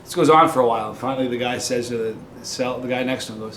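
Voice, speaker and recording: A man's voice: mid-range voice, steady tone, quick pace. A man in the middle of his range talks casually to his viewers, joking and rambling like a friendly host. His voice bounces around a roomy space. A faint hiss of noise sits behind it. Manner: joking, chatty storyteller. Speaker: vlog host. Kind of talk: casual talk to camera.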